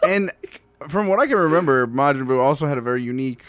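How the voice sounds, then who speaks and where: A man's voice: medium pitch, lively intonation, fast, a bit bright, slight background noise. A young man co-hosting a podcast in casual chat, making wry quips and reading out episode titles. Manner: dry quips and laughs, reads episode titles. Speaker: podcast co-host. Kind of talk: casual chat recapping an anime.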